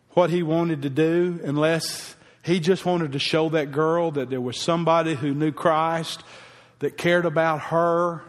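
Preacher guy telling a story from the pulpit, kinda high voice, heartfelt, reverby church hall. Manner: folksy, heartfelt storytelling, emotional at times. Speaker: pastor. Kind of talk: sermon with personal story.

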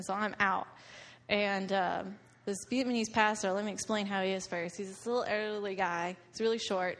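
A young woman giving a slideshow talk to a group about a mission trip, telling stories and laughing often. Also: medium pitch. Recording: long reverb of a hall.

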